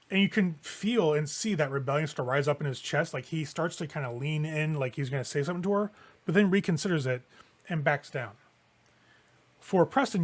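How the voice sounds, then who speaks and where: A man narrating a tabletop game as game master, descriptive and casual. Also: a little high. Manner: descriptive, casual with fillers like "kinda".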